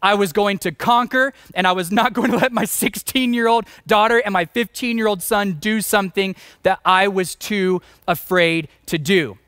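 Pastor guy in his 40s preaching, high voice, dry close sound, jokes on himself. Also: fairly even intonation, normal speed, hardly any pauses, a bit bright, clear, resonant tone, dry recording. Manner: storytelling, self-mocking, emphatic. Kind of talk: sermon.

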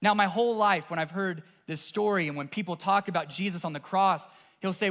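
A male pastor preaching a sermon, with a voice that sits a little high for a man. His delivery is intense. It drops to near-hushed, weighty passages, then builds to forceful, emphatic peaks. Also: brisk.

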